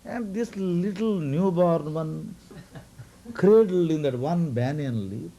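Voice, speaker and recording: Man, spiritual teacher, devotional storytelling, lilting and animated, slow, dark mellow tone. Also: fairly high pitch. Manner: lilting and slow, with soft chuckles.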